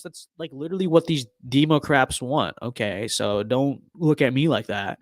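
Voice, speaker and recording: A man's voice: mid-range voice, normal speed, no echo, clean studio sound. A young man giving casual gameplay commentary on a stream, full of ironic mock-political bluster and repeated catchphrases.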